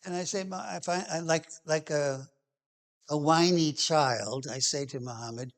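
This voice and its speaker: A man telling a personal memory behind a song, halting and restarting, with phrases that trail off softly. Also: a little high. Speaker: singer-songwriter telling a song's background. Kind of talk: personal reminiscence.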